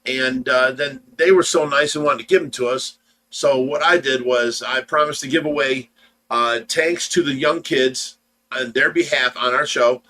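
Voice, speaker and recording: Middle-aged guy chatting on a fish stream, teasing, bright clear voice. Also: medium pitch, steady tone, normal speed, low-quality recording. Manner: easygoing, teasing, reads chat comments aloud. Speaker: livestream co-host. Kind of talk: casual livestream chat.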